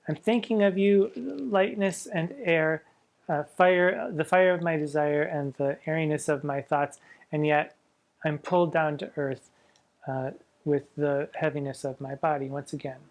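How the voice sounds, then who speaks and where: A man's voice: on the high side, a little slow, creaky. A man, a drag performer, giving casual spoken commentary on poetry in a musing way, reading verse lines aloud with relish and adding wry, self-mocking asides.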